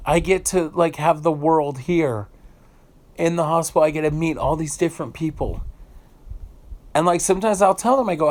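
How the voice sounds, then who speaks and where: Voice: mid-range voice, normal speed, a little mellow. A vlogger from the United States giving an emotional, unscripted rant, indignant and swearing freely, often repeating phrases while searching for words.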